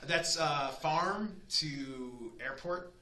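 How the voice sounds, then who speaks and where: A man in his thirties tells stories with lots of life and slips into the voices of the people in them. His voice is fairly high and very bright. The recording has room echo and a faint hiss underneath. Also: drawn-out words. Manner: animated storyteller acting out quoted voices. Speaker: chef and guest. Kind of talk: casual chat. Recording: echoey room with faint noise.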